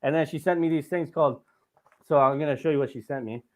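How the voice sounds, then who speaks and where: A man's voice: a little high, fast talker. A man hosting a casual podcast, telling a rambling, profane story with lots of asides. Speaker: podcast host.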